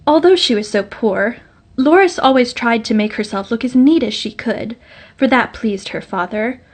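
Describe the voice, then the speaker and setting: Woman reading a fairytale audiobook, gentle and measured, bit higher voice. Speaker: storyteller.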